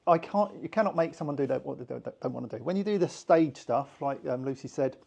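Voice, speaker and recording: A man's voice: mid-range voice, animated, fast talker, creaky, darkish tone. A man with a British accent teaching hypnosis to a small group in a chatty, informal way, acting out little voices in his examples. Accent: British English. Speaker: hypnosis instructor.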